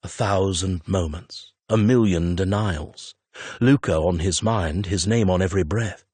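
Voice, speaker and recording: Male audiobook narrator; measured, low, a little husky, dry close read. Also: a little mellow, no echo. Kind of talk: scripted narration.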